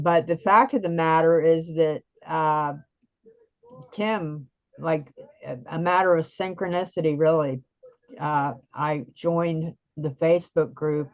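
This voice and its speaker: A middle-aged woman with a lowish voice recounts her story on a video call, plain-spoken and earnest. Her sound comes through dull and lo-fi, as over a call line. She talks conversationally, with a few fillers along the way. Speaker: guest sharing patient story.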